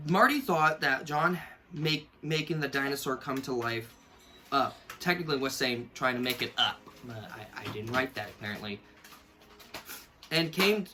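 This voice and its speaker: A man's voice: fairly high pitch, bright, forceful tone. A young man in casual, rambling commentary, mocking himself and laughing often as he reviews something he wrote as a kid. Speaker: YouTuber reviewing his own childhood book.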